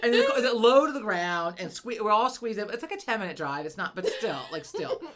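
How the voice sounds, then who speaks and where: A young woman co-hosting a casual chat show, telling animated stories full of swearing and loud acted-out quotes. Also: mid-range voice, fairly quick, heavy background noise. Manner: animated storyteller, swears a lot, acts out quotes loudly. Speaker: podcast co-host.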